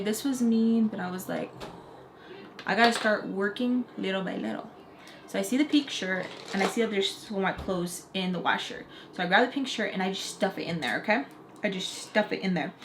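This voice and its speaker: A young woman tells a casual storytime in a chatty, filler-heavy way. She acts out what people said as she goes. Her voice sits at a middle pitch, with a faint hiss of noise in the background. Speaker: storytelling vlogger.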